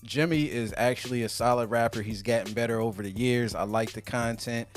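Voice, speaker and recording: A man's voice: medium pitch, fairly even intonation, a little fast, faint music behind. A man co-hosting a podcast, giving blunt, opinionated album verdicts in casual chat. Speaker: podcast co-host.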